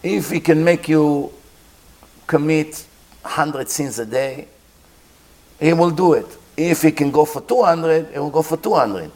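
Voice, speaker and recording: A man giving a sermon as a rabbi, telling a story with pauses and acted-out sounds. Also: fairly high pitch, a little mellow.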